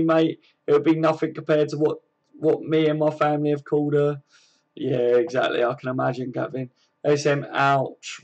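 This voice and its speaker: A man's voice: fairly high pitch, creaky, a little mellow, lo-fi sound. A man with a southern English accent, hosting a casual live stream and reading out chat messages in matey banter full of fillers. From southern England.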